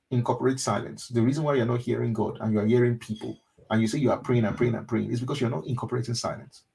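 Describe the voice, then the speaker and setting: Man, pastor, motivational webinar speaker; earnest and repetitive, mid-pitched, shifting to hushed intimate delivery. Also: vocal fry, slightly rough, rough recording. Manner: earnest, repetitive, mimics loud praying then drops to a soft intimate tone. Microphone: webinar microphone.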